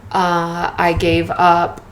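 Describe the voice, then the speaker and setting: A woman's voice: lowish voice, monotone, drawn-out words. A young adult woman hosting a casual solo podcast, talking candidly and often tagging her thoughts with "right?" and a bit of swearing. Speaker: podcast host. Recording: echoey room with faint noise.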